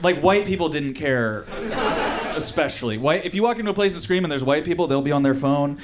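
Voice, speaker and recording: A man doing a stand-up comedy set, telling a story in an animated way and acting out the people in it. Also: on the high side, a little fast, over a noisy crowd. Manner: animated storytelling with acted-out quotes. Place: comedy show with live audience.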